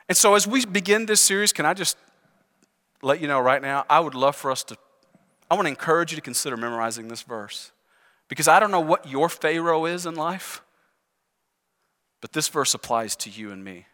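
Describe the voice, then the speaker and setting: Earnest male pastor, bright high voice. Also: animated, a little fast, pauses often. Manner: earnest, conversational, rhetorical questions. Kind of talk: sermon. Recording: long reverb in large hall.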